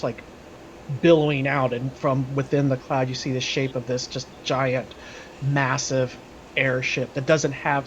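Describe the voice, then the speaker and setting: A man's voice: medium pitch, dull audio, slight background noise. A man narrating as game master of a tabletop game, building scenes with loose, hesitant descriptions. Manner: describing scenes with many fillers and restarts.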